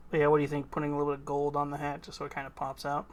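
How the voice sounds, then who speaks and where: A woman streamer chatting casually while painting miniatures, her voice a little hoarse. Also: low voice, completely flat delivery, very fast. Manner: chatty, talks while working. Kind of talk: casual live-stream chat.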